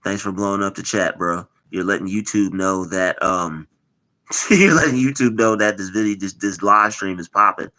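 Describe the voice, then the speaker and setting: A man's voice: sits low, moderate pace, pushed and bright. A man hosting a live stream, talking casually, teasing and replying to his chat with lots of repetition. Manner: mocking, repetitive, replies to chat.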